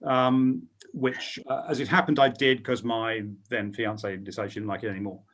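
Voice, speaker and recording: A man's voice: lowish voice, fairly even intonation, fairly quick, fairly bright tone. A middle-aged man, a sports broadcaster on a panel, telling his career story with plenty of ums. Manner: storytelling, hesitant with frequent ums. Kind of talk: anecdotal panel talk.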